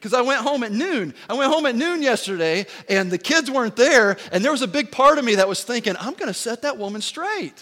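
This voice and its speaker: A man in his forties, a pastor giving a sermon as an animated, joking storyteller. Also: very high-pitched, a little fast, hardly any pauses. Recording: long hall reverb.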